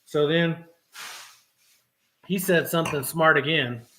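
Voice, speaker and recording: A middle-aged man, his voice sitting a little high, tells a story in a loose, profanity-laced way. He acts out both sides of an argument with lively energy. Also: takes it slowly, slight background noise. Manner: profane, animated retelling with quoted dialogue. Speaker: trucking vlogger. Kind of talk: casual storytelling vlog.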